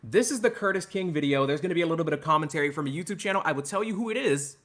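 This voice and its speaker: A man hosting a livestream, mock-emotional, jumping between loud outbursts and hushed mumbling. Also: on the high side, lively intonation, rapid-fire. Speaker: host. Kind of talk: livestream commentary.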